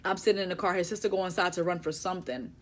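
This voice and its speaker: A young woman, telling a personal story in a casual, halting, emotional way with many fillers. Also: fairly low pitch, steady tone. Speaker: vlogger.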